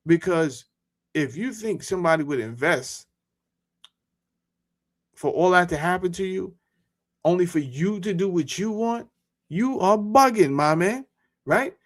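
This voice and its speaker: A man talking casually to his viewers as a YouTuber, animated and full of rhetorical questions and slang. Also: high-pitched, measured pace, pauses often. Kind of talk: casual monologue to camera.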